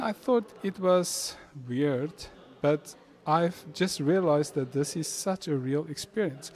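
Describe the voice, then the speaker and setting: Male pastor, slightly high voice, lively storyteller, casual faith chat in a café. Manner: animated storytelling. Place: coffee shop.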